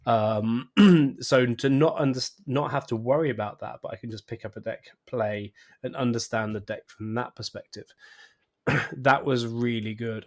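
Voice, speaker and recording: A man hosting a casual podcast chat, talking eagerly and often repeating himself. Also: medium pitch. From England. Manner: chatty, eager, repeats words. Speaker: podcast host.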